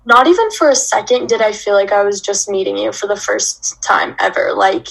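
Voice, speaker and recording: A woman's voice: mid-range voice, normal speed, gravelly, breathy edge, low-quality recording. A teenage girl chatting casually, rambling with many fillers. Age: teens. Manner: rambling, filler-heavy talk. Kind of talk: casual chat.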